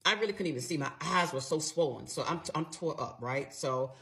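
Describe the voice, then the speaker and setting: A woman's voice: deep voice, a little fast. A middle-aged woman telling a personal story in a casual monologue, emphatic and blunt, with some swearing. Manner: animated, emphatic retelling, blunt and profane.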